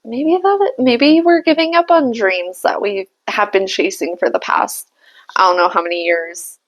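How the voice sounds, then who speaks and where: A woman's voice: mid-range voice, normal speed, rough recording. A young adult woman giving a casual spiritual tarot reading, musing aloud and laughing at herself. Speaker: tarot reader and channeler.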